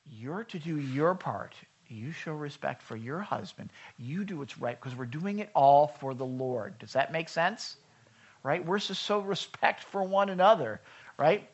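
A man's voice: a little high, animated, unhurried, husky, lo-fi sound. A man preaching a sermon at a church service, talking in a loose, conversational way and putting questions to the congregation. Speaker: pastor.

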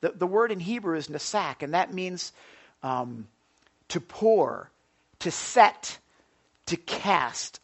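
With a slightly high voice, a man delivers a sermon as pastor, full of animation. His volume lurches between quiet and loud, and he doubles up on words when starting sentences.

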